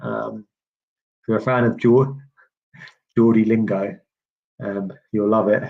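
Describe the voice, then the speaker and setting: Over slightly dull, lo-fi stream audio, a man from the UK rambles through casual live tennis commentary, answering the chat with plenty of "um"s. His fairly low voice is creaky, slow-paced, and fairly even in intonation.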